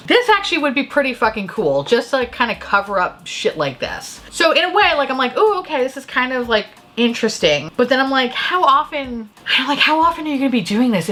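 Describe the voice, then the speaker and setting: A woman's voice: a little high, sharp tone. A young woman hosting a casual beauty review, ranting with profanity, sarcasm and exasperation. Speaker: beauty video host.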